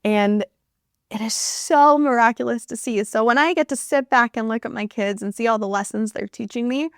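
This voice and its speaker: A woman's voice: on the high side, normal speed, no echo. Earnest woman with a dry close voice. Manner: earnest and heartfelt, with soft laughs. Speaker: podcast host. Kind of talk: reflective solo podcast.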